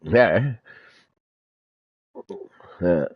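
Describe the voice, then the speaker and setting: A man's voice: low voice, lively intonation, drawn-out words, breathy edge, dry recording, highs cut off. Laid-back swearing young man, dry sound. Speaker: sim racing streamer. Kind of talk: casual chat over voice chat.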